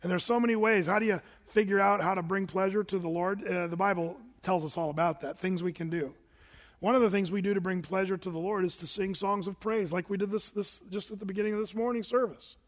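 A man's voice: high voice, steady tone, fast talker, long reverb tail. A man preaching a sermon as pastor in a conversational, folksy way, firing questions at the congregation. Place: church sanctuary.

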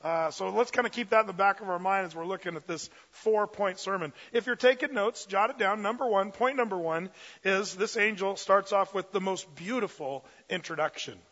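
Energetic, chatty male pastor with a high voice, recorded muffled in an echoing hall. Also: normal speed. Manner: energetic and conversational, many fillers. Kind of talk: sermon.

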